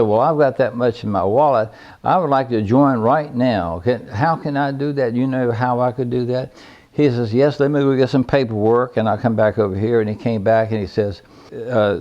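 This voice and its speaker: Older man, folksy mellow storyteller. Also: mid-range voice, moderate pace, highs cut off. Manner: folksy, rambling, plainspoken. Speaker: veteran caver recounting his history. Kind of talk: personal storytelling.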